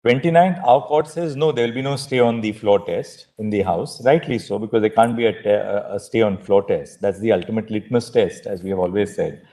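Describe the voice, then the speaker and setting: A man with an Indian English accent speaking from the bench as a judge, measured, summing up the facts and steering counsel's argument. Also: fairly low pitch, mellow. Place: courtroom.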